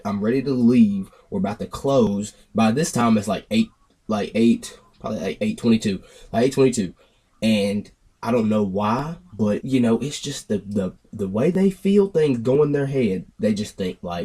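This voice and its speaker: A man's voice: on the low side, normal speed, husky. Young man rambling through a storytime. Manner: rambling, animated retelling with acted-out quotes. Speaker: vlogger telling a story. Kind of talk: casual storytime monologue.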